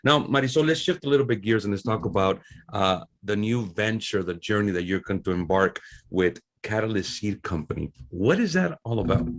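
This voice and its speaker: A man's voice: lowish voice, animated, fairly quick, hardly any pauses. A man hosting an interview podcast, talking in long rambling stretches with repeated words. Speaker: podcast host.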